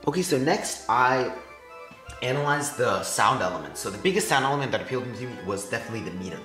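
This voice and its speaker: A man's voice: mid-range voice, expressive, fast talker, a bit bright. A teenage boy giving a class presentation, explaining step by step and sounding out stressed and unstressed syllables one at a time. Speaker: student presenter. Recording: echoey room with faint music.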